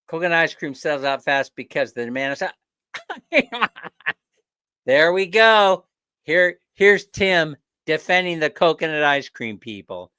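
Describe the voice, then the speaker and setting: A man hosting a casual livestream chat, ranting with animated energy and laughing often. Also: medium pitch, clean tone, dry recording, studio quality. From not from the Philippines. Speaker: livestream host.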